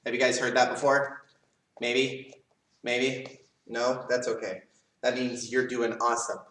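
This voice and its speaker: Man, karate instructor, calm and serious with students, mid-pitched, echoey room. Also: unhurried, recorded from a distance. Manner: calm, earnest, talks straight to kids. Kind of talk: live online leadership class. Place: karate school. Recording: roomy, mic set back.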